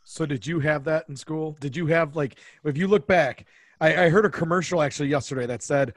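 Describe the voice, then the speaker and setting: A man with a fairly high voice asks long, curious questions in a relaxed interview. He is a teacher who hosts the show. His voice is recorded close and dry. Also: fairly quick, no room sound. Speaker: podcast host, teacher. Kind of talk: casual interview.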